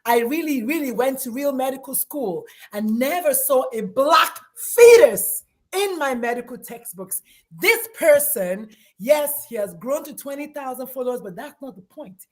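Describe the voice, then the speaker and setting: Female physician guest, high voice, fervent and emphatic. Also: lively intonation, normal speed. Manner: passionate, emphatic, emotional praise. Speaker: guest, pediatrician.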